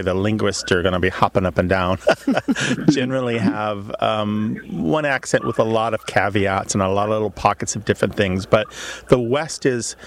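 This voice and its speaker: A man hosting a radio call-in show, explaining language to a caller with enthusiasm. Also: on the low side.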